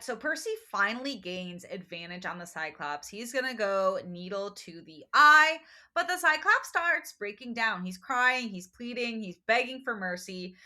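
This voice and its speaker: A woman co-hosting a podcast, recapping a book in casual chat and acting out quick quotes from the characters. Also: medium pitch. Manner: animated storytelling with quick voiced quotes and laughs. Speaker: podcast co-host.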